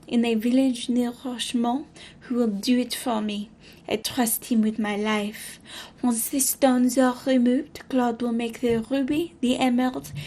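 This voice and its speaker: A woman with a fairly high, warm voice plays a proud, troubled French queen reading from her journal. She uses a put-on French accent and delivers the lines dramatically and with measured pacing.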